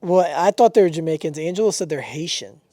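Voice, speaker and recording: Young male co-host, slightly higher voice, excitable and laughing, swears freely, dry close recording. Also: fast talker, dry recording. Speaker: podcast co-host. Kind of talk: casual chat.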